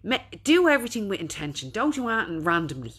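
A woman's voice: mid-range voice, very animated, fast talker, fairly bright tone, breathy edge. A middle-aged Irish woman chatting casually on a live stream, reading out viewers' comments and encouraging them. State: recovering from being unwell. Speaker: business owner hosting a Facebook live.

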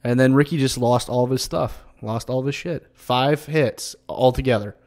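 A man's voice: mid-range voice, normal speed, darkish tone. Swearing, easily riled man playing a game. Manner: swearing, frustrated outbursts at the game; talks straight to viewers. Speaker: gaming YouTuber. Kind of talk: gameplay commentary.

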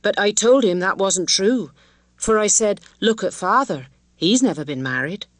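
A woman's voice: mid-range voice, animated, normal speed, no room sound, close to an everyday voice. A woman reading the part of an affectionate, ingenuous young village woman speaking plainly and tenderly. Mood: fond, ingenuous.

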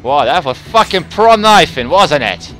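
A man giving live commentary while playing an online game, swinging between low muttering and loud outbursts, swearing and taunting opponents. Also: big pitch swings, unhurried, faint music behind. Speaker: gamer with facecam commentary.

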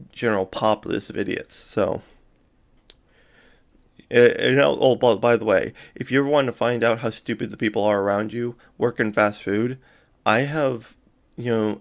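A man's voice: fairly low pitch, normal speed. A man ranting casually to camera, rambling with many fillers and asides and swearing in exasperation. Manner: profane, exasperated. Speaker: vlogger. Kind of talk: casual rant.

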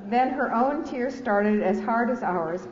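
A woman's voice: a little high, expressive, slow pace, crowd noise. A woman author reading from her memoir to an audience, with candid, self-deprecating asides and laughter. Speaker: author and speaker. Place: large lecture hall. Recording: echoey hall, dull lo-fi sound, faint hiss.

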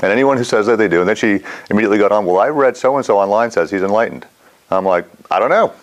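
A man's voice: lowish voice, quick pace. A middle-aged man teaching a mindfulness class in a casual, rambling way, often quizzing his students. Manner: rambling, animated, asks the class questions.

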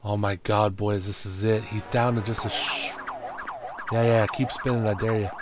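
A man streaming a game, cursing, shouting at enemies and grumbling about the game as he plays. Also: fairly low pitch, little pitch movement, normal speed. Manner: profane, frustrated outbursts and yelling at the game. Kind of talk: live gameplay commentary. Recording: game music behind voice.

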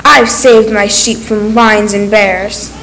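A woman's voice: medium pitch, steady tone, slow, a bit bright, low-quality recording. A woman voicing a brave young shepherd boy in a children's church story, bold and determined.

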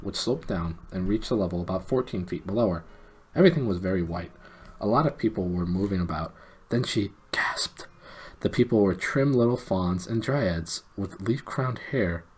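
A man's voice: fairly low pitch, darkish tone, husky. A man reading a children's novel aloud on a livestream in a casual way, with stumbles and asides. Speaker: reader.

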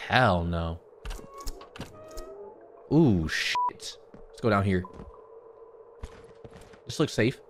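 A man's voice: deep voice, animated, extremely slow, long pauses, faint music behind. A man giving panicky, swearing commentary to himself while playing a horror game. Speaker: gaming YouTuber.

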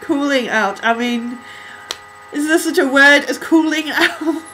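A woman gushing over a music video in an excitable, flustered reaction vlog, out of breath and struggling to calm down. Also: high-pitched, a little slow, a little hiss or hum, rough recording.

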